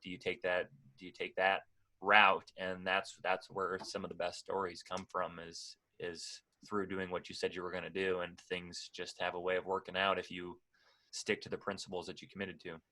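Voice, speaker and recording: A man's voice: sits low, monotone, moderate pace, sharp tone. A man on a podcast, casually giving earnest advice with a self-mocking edge. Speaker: podcast guest. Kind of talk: casual chat, reflective advice.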